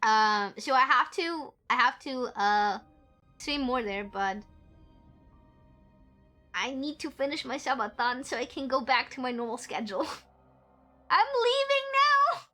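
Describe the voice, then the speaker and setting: A young woman streamer chats with her viewers in a high, bright voice, giggling often and bouncing between topics. Faint music plays behind her. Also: a little slow. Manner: giggly, bubbly, chatty. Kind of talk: casual live-stream chat.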